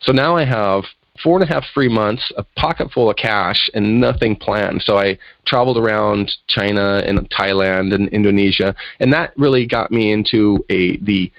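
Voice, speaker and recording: A man's voice: lowish voice, normal speed, no room sound, muffled recording. A man, a guest in an interview, telling a personal story in conversation and acting out the voices of people in it. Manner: animated storyteller acting out quotes.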